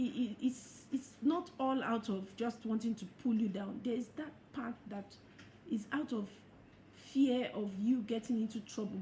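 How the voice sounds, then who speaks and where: A middle-aged woman giving a motivational talk as a life coach, expressive and laughing often as she acts out quoted thoughts. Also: on the high side. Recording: echoey room with faint noise.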